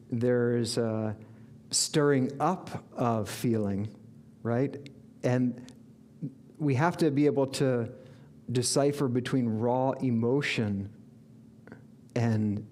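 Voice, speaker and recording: A man's voice: mid-range voice, a little mellow. A man giving an inspirational sermon as a spiritual teacher, earnest and reflective, with bursts of enthusiasm.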